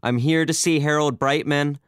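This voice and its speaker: A man's voice: medium pitch, fairly even intonation, measured pace, fairly bright tone, smooth, dry recording, clean studio sound, voice pushed up, natural voice. A man voicing Albert, a prim, insistent man, speaking stiffly as he asks for someone.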